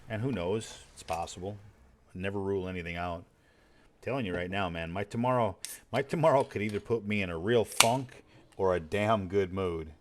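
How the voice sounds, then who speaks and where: A man's voice: deep voice, moderate pace, fairly bright tone. A man chatting casually while streaming a game, rambling and swearing freely in a laid-back way. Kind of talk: casual chat while gaming.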